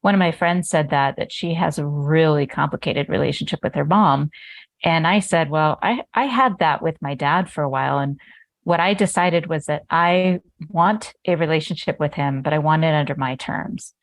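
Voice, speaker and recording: A woman hosting a podcast, talking in a candid, relaxed way. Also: deep voice, normal speed, no room sound. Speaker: podcast host. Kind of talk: casual conversation.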